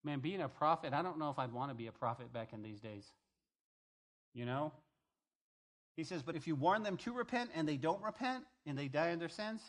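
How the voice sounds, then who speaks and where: A man's voice: fairly high pitch, animated, normal speed. A male pastor giving a conversational sermon, reading scripture aloud and paraphrasing it in everyday speech.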